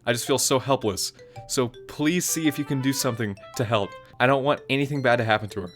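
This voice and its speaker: A man's voice: medium pitch, quick pace, a bit bright, soft background music, natural voice. A man reading aloud as a worried, sweet teenage girl who pleads for help. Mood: pleading. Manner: earnest, pleading read-aloud. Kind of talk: reading game dialogue aloud.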